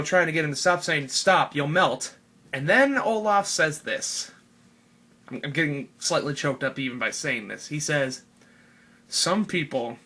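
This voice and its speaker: A man's voice: on the high side, bright, forceful tone. A man giving a casual, rambling movie review, swearing freely and leaning on "you know". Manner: profane, rambling, heavy "you know" fillers. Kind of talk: casual spoken review rant.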